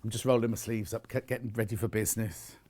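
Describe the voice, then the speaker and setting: A man's voice: fairly low pitch, fairly even intonation, fast, darkish tone. A British man presenting live on a shopping channel, chatty and gushing as he shows off fabrics. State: out of breath. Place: TV studio.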